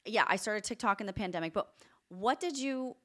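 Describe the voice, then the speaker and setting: A woman's voice: medium pitch, animated, a little fast. A woman hosting an interview podcast, talking with emphatic enthusiasm and praise for her guest. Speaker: podcast host. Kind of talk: interview conversation.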